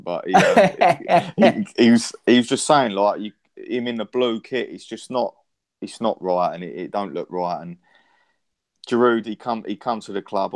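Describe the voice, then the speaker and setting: Deep-voiced man ranting about football. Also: darkish tone. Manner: passionate, rambling with restarts and swearing. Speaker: podcast co-host. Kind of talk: casual football chat.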